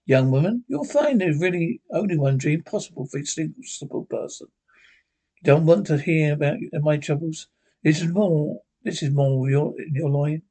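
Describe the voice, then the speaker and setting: A man with a slightly husky voice, a touch higher than most, narrates an old horror tale. He reads steadily, stumbling and correcting himself now and then. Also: animated, moderate pace, dark tone. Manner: reads with small slips and restarts. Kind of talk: reading a classic horror story aloud.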